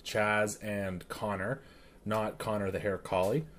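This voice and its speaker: Low-voiced, upbeat man. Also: steady tone, slow, a little hiss or hum. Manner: enthusiastic, playful, hyped. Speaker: podcast co-host. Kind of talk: casual chat.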